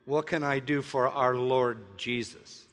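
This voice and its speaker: An older man preaching a sermon, telling a personal story in an earnest way and slowly spelling words out letter by letter. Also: mid-range voice, steady tone, fairly bright tone, big-room sound. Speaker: pastor.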